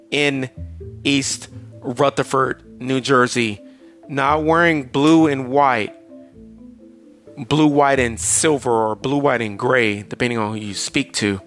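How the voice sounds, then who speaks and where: A man's voice: medium pitch, a bit bright. Emphatic male sports podcast host. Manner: emphatic, drawn-out delivery with sudden rushes of stats. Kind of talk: solo sports podcast monologue.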